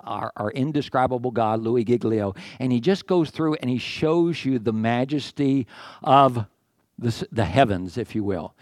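A pastor giving a sermon in a conversational way, with asides, restarts and questions to the congregation. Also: male voice, mid-range voice, darkish tone, dry recording, studio quality.

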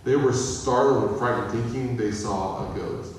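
A man's voice: mid-range voice, normal speed, a little mellow. A man preaches in an easy, conversational way and keeps asking his listeners questions. His voice comes from well back from the mic and rings through a long-echoing hall, with a faint hum of the room behind him. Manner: conversational, asks the audience questions. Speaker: pastor. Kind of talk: sermon. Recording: echoey hall from far off.

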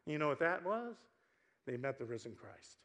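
Animated joking male pastor, high voice. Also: moderate pace. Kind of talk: sermon. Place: church sanctuary.

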